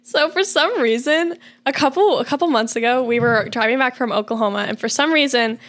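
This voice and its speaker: Bright, high-voiced young woman. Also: brisk. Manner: animated storyteller, heavy use of "like", cuts in to defend herself. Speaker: regular of a couples' channel. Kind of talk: casual chat.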